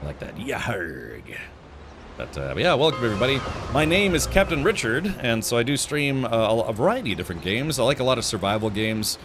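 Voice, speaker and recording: A man hosting a casual gameplay livestream, chatting in a lively way with quick asides as he plays. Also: mid-range voice, background noise. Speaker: streamer. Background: game music.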